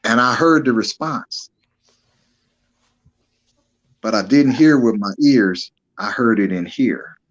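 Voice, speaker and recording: A man's voice: mid-range voice, measured pace. This man tells stories in an easygoing, folksy way as a guest on a casual interview. His mid-range voice comes across a remote call line that sounds dull and lo-fi. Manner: animated, folksy storyteller. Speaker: guest, paranormal experiencer. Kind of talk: casual storytelling.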